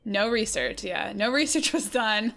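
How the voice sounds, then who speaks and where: A woman's voice: a little high, animated, a little slow, fairly bright tone. A woman co-hosting a podcast, chatting in an easygoing way and saying "like" often. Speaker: podcast co-host. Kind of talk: casual chat.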